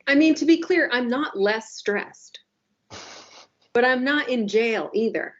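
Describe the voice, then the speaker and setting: A woman in her forties co-hosting a casual podcast chat, telling stories with wry, self-deprecating humor and quick asides. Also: fairly high pitch, expressive. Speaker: newspaper podcast co-host. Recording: slightly dull lo-fi audio.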